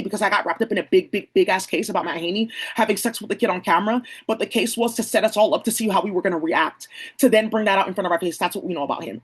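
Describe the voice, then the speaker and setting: A speaker from the San Francisco Bay Area delivers a rapid-fire monologue straight to the camera. The voice is husky and a little rough, and the delivery runs at a hurried clip. It sounds like an accusatory rant, loose and rambling, peppered with slang and curses. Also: medium pitch, low-quality recording.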